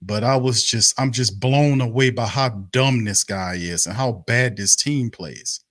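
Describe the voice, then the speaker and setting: A male sports talk host vents on a livestream in a heated, profane way. He circles back and repeats his points as his exasperation builds. His voice sits at an ordinary middle pitch with a dry, close sound. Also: a little slow, fairly bright tone, dry recording. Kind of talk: angry livestream rant.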